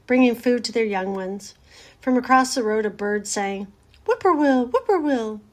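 A woman reading a children's storybook aloud in a gentle, measured way. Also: on the high side.

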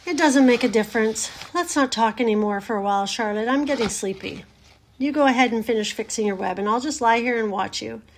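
A woman's voice: a little high, brisk, slight background noise, lightly acted. A woman voicing a young, timid male pig who speaks eagerly and anxiously. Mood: eager, worried. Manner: eager, worried and pleading.

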